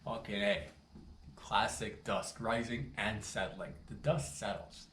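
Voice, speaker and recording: A man spins a rambling, swaggering comic tall tale full of slang, his voice leaping up high whenever he gets worked up. He sounds like he is in a roomy space with a lot of echo, and there is faint ambient noise behind him. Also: slow pace, fairly bright tone. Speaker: storyteller. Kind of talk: absurd comic storytelling monologue.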